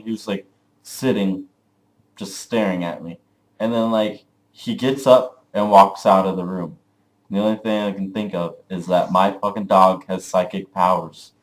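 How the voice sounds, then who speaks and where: A young man vlogging, telling a dream story casually, rambling with lots of "like" and swearing. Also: low-pitched. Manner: rambling, full of "like", profane.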